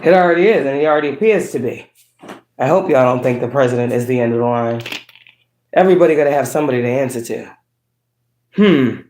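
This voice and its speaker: A woman hosting a casual ranting monologue, blunt and profane, laughing between points and swinging from slow low tones to sharp high outbursts. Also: a little hiss or hum. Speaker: spiritual livestream host. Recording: echoey room.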